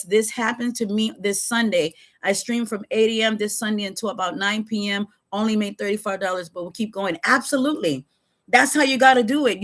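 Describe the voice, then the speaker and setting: A woman talking casually on a live stream, animated and conversational, speaking straight to her viewers with a Californian American accent. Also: fairly high pitch. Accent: Californian American English. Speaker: webcam model giving advice on a live stream.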